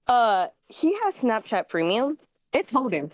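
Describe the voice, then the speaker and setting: A woman calls in for advice, telling a petty story about her exes with plenty of animation. Her voice is fairly high and jumps around a lot in pitch, heard dry and close. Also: measured pace, dry recording. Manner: animated, petty, acts out quotes. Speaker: caller asking for advice. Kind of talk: casual storytelling.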